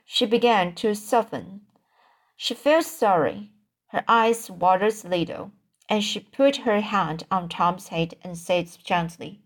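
Slow, halting woman reading a storybook. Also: mid-range voice. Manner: halting, repeats and corrects words. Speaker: audiobook reader. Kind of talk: reading a novel aloud.

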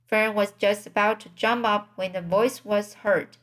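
Slow, halting woman reading aloud. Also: medium pitch, steady tone, a bit bright. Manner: careful, halting, slips and restarts. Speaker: reader. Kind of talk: audiobook reading practice.

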